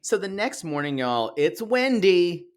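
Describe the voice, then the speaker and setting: A man's voice: high-pitched, big pitch swings, measured pace, smooth. A man co-hosting a podcast, recapping a reality show with bawdy, giggly banter. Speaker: podcast co-host. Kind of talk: casual recap chat.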